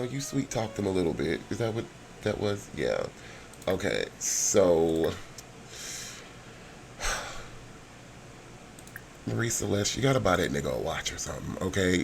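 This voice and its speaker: A man's voice: low-pitched, vocal fry, slight background noise. A man casually narrating his life-sim game story, chatty and joking with slang. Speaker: gameplay storyteller.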